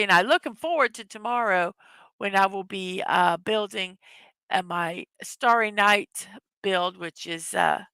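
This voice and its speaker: A woman's voice: medium pitch, creaky, pushed and bright, clean tone, no echo, poor audio. Giggly chatty woman hosting a live stream. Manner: chatty, giggly, with many fillers. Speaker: livestream host. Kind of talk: casual live chat reading viewer comments.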